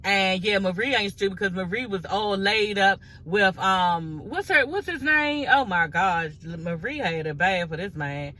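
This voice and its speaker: Brief: woman vlogger, bright forceful tone, mid pitch, candid and profane, casual gossip recap for viewers. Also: measured pace, few pauses, low-quality recording. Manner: blunt, profane, talks straight to viewers.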